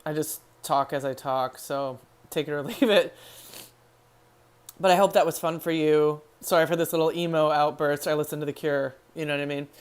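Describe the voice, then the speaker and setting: A woman's voice: low-pitched, steady tone, normal speed, clean tone. Woman host of a fan stream, chatty and heartfelt, loose casual delivery. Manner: chatty, emotional, laughs easily. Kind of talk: casual live-stream chat.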